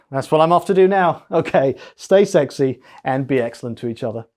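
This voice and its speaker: A man hosting a comedic tech news monologue, with punchy, jokey delivery and big swings in pitch. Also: lively intonation, moderate pace, darkish tone, soft background music. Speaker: host.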